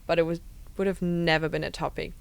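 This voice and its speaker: A woman's voice: fairly low pitch, level tone, fast, vocal fry, clean tone. A woman from Germany, a fitness coach, talking casually and reflectively on a podcast.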